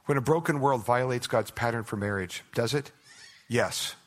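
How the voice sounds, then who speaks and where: A pastor giving an earnest, conversational sermon, dropping to hushed tones when he voices prayers. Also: mid-range voice, moderate pace.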